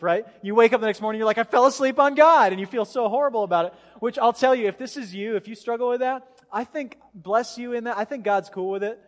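Male pastor, thirties, high voice; casual conversational sermon in a reverberant church hall. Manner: casual, chatty, acts out voices in anecdotes. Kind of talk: sermon with storytelling.

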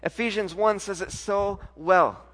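A pastor in his thirties preaching a sermon, his slightly higher-pitched voice carrying an emotional personal story. He swings from loud, excited outbursts down to hushed, tearful passages. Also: unhurried, in a large hall.

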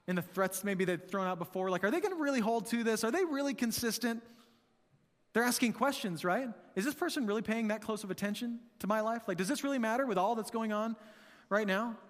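High-voiced man preaching in a reverberant hall. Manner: conversational, asks the room rhetorical questions. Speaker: pastor. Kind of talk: sermon.

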